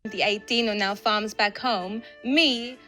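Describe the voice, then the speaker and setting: A woman's voice: medium pitch, steady tone, takes it slowly, bright, forceful tone, faint music behind. A woman playing a boastful older Italian mafia grandmother in a satirical news sketch, with a put-on Italian accent and a shifty, backpedalling manner. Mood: evasive.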